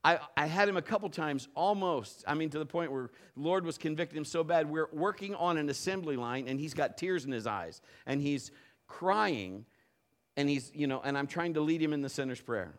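A middle-aged male pastor delivering a sermon in a somewhat high voice. He tells homespun stories full of restarts and builds from low, quiet teaching to loud, high-pitched preaching. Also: lively intonation, moderate pace. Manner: folksy storytelling with many restarts.

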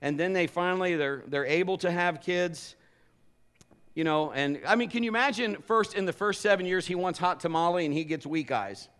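A man's voice: sits high, normal speed, smooth. A male pastor preaching a sermon and telling stories with humor and energy. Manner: animated, humorous storytelling.

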